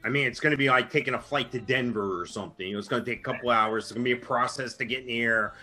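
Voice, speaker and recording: A man's voice: medium pitch, racing, bright, forceful tone, faint music behind. A middle-aged man casually telling a funny story on a podcast, laughing as he goes. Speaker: podcast co-host.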